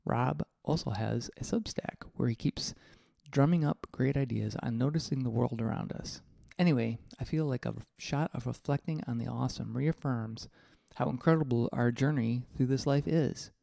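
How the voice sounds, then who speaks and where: A man's voice: mid-range voice, normal speed, vocal fry, mellow, no echo, studio quality. A male podcast host reading a personal essay aloud in a reflective, candid, mildly profane way.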